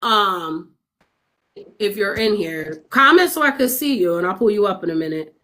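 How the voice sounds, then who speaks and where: Speaking at a normal speed in a mid-range voice, a young woman recounts a story to her stream chat. Her delivery is loose, lively and full of swearing, punctuated by frequent laughter and impressions of what others said.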